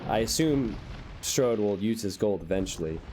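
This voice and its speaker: A young man casting a strategy game live, excitable and quick to jump into high shouts at big plays. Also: a little hiss or hum. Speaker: game caster.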